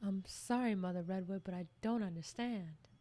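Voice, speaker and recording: A woman's voice: medium pitch, moderate pace, dark tone, close to an everyday voice. A woman voicing a young male redwood tree who is eager and anxious, speaking in a pleading, questioning way. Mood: confused.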